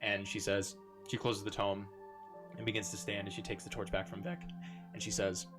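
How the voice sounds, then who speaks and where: A man narrating as game master of a tabletop game, halting with many fillers. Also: fairly low pitch, level tone. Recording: background music.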